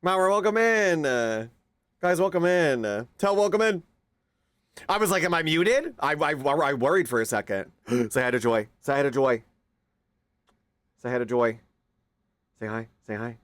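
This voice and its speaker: A man's voice: on the high side, measured pace, long pauses, fairly bright tone, no room sound, studio quality. A young man streaming live, chatting casually with his viewers and greeting them by name, now and then cooing at his pet. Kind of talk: casual livestream chat.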